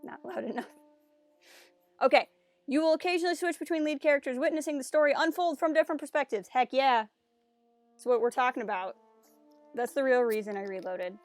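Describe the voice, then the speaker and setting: Woman streamer with a fairly high voice, casual and jokey gameplay commentary, game music faint underneath. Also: brisk, long pauses, no echo. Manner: chatty, joking, reads on-screen text aloud.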